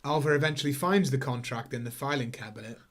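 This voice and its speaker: Fast-talking and fairly bright in tone, a mid-range-voiced man co-hosts a podcast, rambling casually about a film. He uses many fillers and performs quotes in goofy voices.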